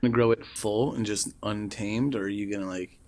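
A man's voice: fairly low pitch, fairly even intonation, brisk, darkish tone. A man in his thirties co-hosting a podcast in casual chat, rambling and laughing often as he tells stories. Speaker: podcast co-host.

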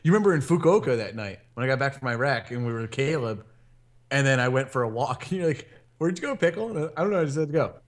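Casting: male podcast co-host, rambling storyteller, average pitch, loose chatty delivery. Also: expressive, quick pace. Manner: rambling storyteller, acts out quotes. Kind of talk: casual podcast chat.

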